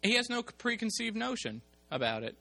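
A male preacher giving a lively sermon, reading scripture and explaining it while acting out the people in the story. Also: very high-pitched, normal speed, vocal fry. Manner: animated, acts out the people in the story. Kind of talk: sermon with Bible reading and commentary.

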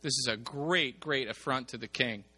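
A male preacher giving a lively sermon, reading scripture and explaining it while acting out the people in the story. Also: medium pitch, normal speed, husky. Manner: animated, acts out the people in the story. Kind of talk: sermon with Bible reading and commentary.

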